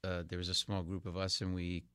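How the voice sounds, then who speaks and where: A middle-aged man from New England, a comedian guest telling lively anecdotes and acting out voices. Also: sits low, fairly quick, clean tone, dry recording, clean studio sound. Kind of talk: animated storytelling.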